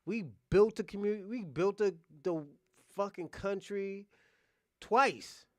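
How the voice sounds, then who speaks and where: Smooth-voiced man ranting bluntly. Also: sits high, slow pace, a little mellow, no echo, studio quality. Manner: blunt, heated, swears freely. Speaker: reaction video host. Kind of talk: casual profane rant.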